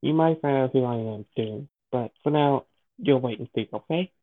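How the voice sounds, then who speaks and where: A man's voice: mid-range voice, moderate pace. Player, male, guarded short replies, tinny phone-like sound. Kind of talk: tabletop role-play chat.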